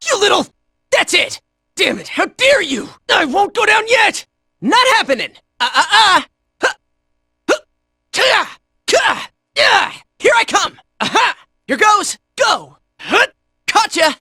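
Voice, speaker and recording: A woman voicing a brash, cocky young fighter in a video game, shouting short battle cries and jokey taunts. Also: extremely high pitch, sing-song, slow, pauses often, no echo, clean studio sound, heavily acted. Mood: hurt and cocky.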